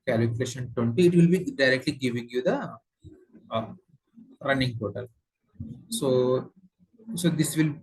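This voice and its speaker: Male trainer, Indian English accent, mid-pitched husky voice, patient step-by-step tutorial delivery with fillers. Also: darkish tone, rough recording. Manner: explains step by step with many fillers and repeats. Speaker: software trainer. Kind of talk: screen-share tutorial lesson.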